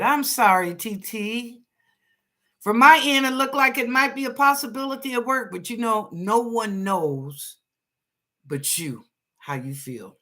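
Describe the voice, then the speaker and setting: A psychic reader hosting a live show, giving quick readings to viewers in a folksy, chatty, reassuring way and laughing often. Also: mid-range voice, pushed and bright.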